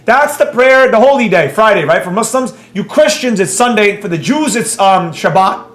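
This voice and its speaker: A man's voice: high-pitched, expressive, moderate pace, echoey room. A man teaching a live trading class in a brash, mocking, rambling way, with faint music behind. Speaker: trading instructor.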